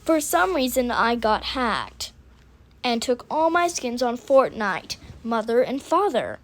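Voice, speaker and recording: A bratty teenage boy in a told story, whining and demanding, sounding a little high, as a woman reads him in her own voice. The delivery is slow and unhurried. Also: big pitch swings. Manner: whiny and demanding.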